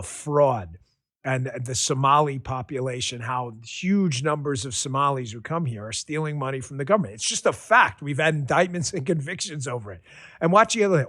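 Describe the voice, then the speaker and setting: A man from Queens hosting a political talk show, loud, passionate and profane, mocking his opponents with sarcasm. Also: mid-range voice. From Queens, New York. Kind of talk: heated political commentary.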